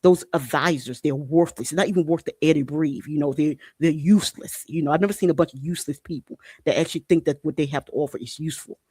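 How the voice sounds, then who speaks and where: A man with a somewhat high voice talks through news articles on his podcast. He is blunt and indignant, curses freely and circles back to the same point again and again. The sound is close and dry. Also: fast talker, few pauses, dark tone, breathy edge, dry recording. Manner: blunt and indignant, swears, repeats himself. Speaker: podcast host. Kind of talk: casual commentary on news articles.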